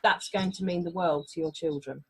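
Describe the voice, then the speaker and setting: A woman's voice: lowish voice, steady tone, moderate pace, a bit bright, slightly rough, poor audio. A woman from England, a family mediator, explaining her work in a podcast interview in a reassuring way.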